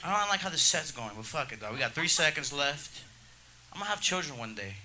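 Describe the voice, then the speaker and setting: A man's voice: a little high, very animated, fairly quick, bright, forceful tone. A man wrapping up a crude, self-deprecating stand-up set on a comedy club stage.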